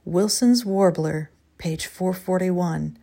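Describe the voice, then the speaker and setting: A woman doing a shy old birdwatcher in a storybook, who names birds in a solemn, reverent voice. He speaks in a low, earnest way. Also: animated, normal speed, a little mellow, breathy edge. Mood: hushed reverent.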